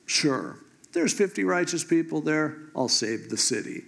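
A man voicing God as a calm, offhand speaker in a retold sermon story. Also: on the high side, measured pace, vocal fry, exaggerated voice. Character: God, calm, matter-of-fact male deity.

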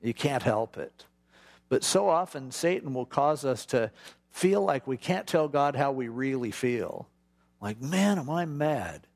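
Middle-aged guy preaching casual, bit gravelly, acts out little prayers as he goes. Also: mid-range voice, lively intonation. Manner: informal, acts out prayers in quick asides. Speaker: pastor. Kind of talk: conversational Bible teaching.

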